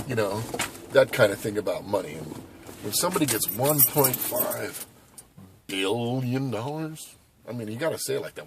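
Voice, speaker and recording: A man in his forties from Southern California, chatting casually and rambling to camera as a vlogger, hyperactive and animated, outdoors at a skate park. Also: mid-range voice, moderate pace, a little hiss or hum. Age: 40s. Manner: hyperactive, animated, loose and conversational with many asides.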